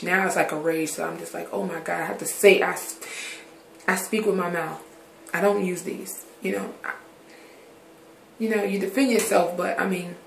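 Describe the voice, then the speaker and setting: A woman's voice: lowish voice, vocal fry, slight background noise. Frank rambling woman in an echoey room. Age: adult. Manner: rambling, drifts from subject to subject; frank, swears casually. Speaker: vlogger. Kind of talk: candid personal vlog talk. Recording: roomy echoey recording.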